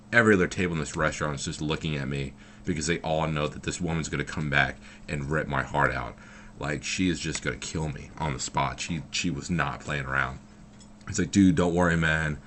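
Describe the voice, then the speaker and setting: Very deep-voiced young man telling a story. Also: steady tone, fairly quick, sharp tone, slight background noise. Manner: rambling, loose, heavy on fillers and swearing. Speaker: vlogger. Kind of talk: casual storytelling.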